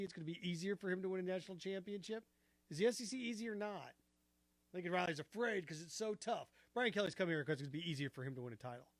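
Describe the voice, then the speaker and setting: A man hosting a sports talk show, arguing his opinions with rhetorical questions in an animated, argumentative way. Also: sits high, no echo.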